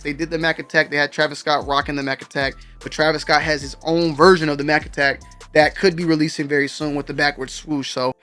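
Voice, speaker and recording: A man's voice: fairly high pitch, fairly bright tone. Slangy man hosting a sneaker show. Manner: slangy, conversational, addresses viewers directly. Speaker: show host. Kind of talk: casual sneaker news commentary.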